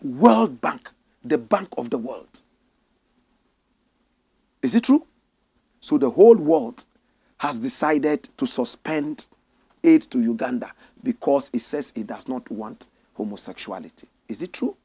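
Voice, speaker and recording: A middle-aged man with a Ghanaian English accent hosts a political commentary show, preaching fiery lines that climb into shouts. His mid-range, slightly rough voice is animated but unhurried, with long pauses and no room sound.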